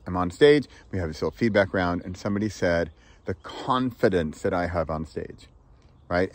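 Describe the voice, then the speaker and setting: A man who writes and narrates audiobooks, hosting his weekly video in a playful, animated way and laughing between phrases. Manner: playful, animated, swings pitch and pace for effect. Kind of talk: casual talking-head vlog.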